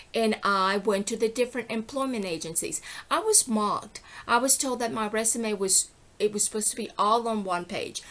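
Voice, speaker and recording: A middle-aged woman giving an impassioned, rambling personal monologue, indignant and often breaking off to ask "okay?". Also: mid-range voice. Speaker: vlogger.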